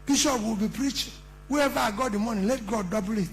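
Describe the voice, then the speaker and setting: Middle-aged nigerian guy giving a fired-up campaign speech, really high voice, keeps firing off rhetorical questions. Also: quick pace, slight background noise, poor audio. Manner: emphatic, rhetorical questions, repetition. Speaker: politician addressing a conference.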